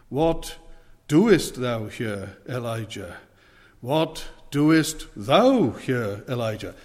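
A man preaching a sermon with a measured, emphatic delivery, pausing often and using fillers. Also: medium pitch. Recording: long reverb of a hall.

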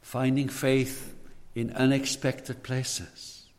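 A man's voice: mid-range voice, flat delivery, drawn-out words. A man preaching a sermon in an earnest tone, repeating words as he presses his points. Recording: hall reverb.

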